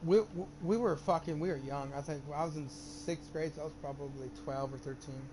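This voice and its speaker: Brisk and fairly high-pitched, a young gamer streamer rambles through a profane story against a noisy background. His casual storytelling while gaming turns animated whenever he quotes someone.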